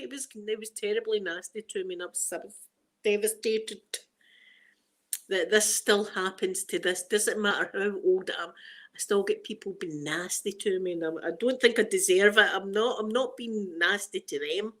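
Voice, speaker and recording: A woman's voice: medium pitch, normal speed, a bit bright. A middle-aged woman with a Glaswegian Scottish accent, hosting a casual ASMR chat and rambling through stories full of local slang. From Scotland. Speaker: ASMR channel host.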